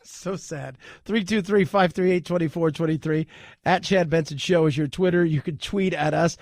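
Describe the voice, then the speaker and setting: A man's voice: a little high, moderate pace, darkish tone, no room sound, clean studio sound. A man hosting a talk radio show, joking and sarcastic in a rambling commentary.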